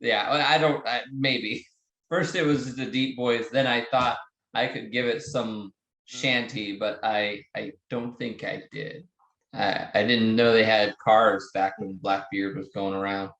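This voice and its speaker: A man's voice: fairly low pitch, fairly even intonation, a little slow, fairly bright tone, echoey room, poor audio. Jokey male movie-reaction co-host. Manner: jokey, playful. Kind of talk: casual reaction chat.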